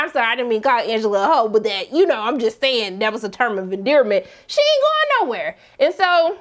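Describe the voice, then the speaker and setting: Sassy high-pitched woman recapping a show. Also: big pitch swings, brisk, hardly any pauses, a bit bright. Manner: sassy, dramatic, voices characters with big pitch jumps. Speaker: TV recap vlogger. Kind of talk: casual TV recap commentary.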